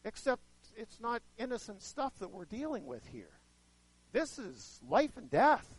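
High-voiced man preaching a sermon. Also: sing-song, a little slow, slightly rough, low-quality recording. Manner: conversational, asks the audience questions; dramatic shifts in loudness, acts out quoted voices. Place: room with a live audience.

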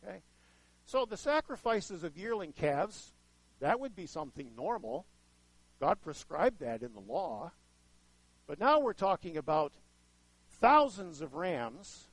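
A man with a fairly high voice preaches a conversational sermon, talking to his listeners and asking them questions. His sound is dry and close, and he swings between quiet asides and loud emphasis. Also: dry recording, rough recording. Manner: conversational, asks the audience questions; dramatic shifts in loudness, acts out quoted voices. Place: room with a live audience.

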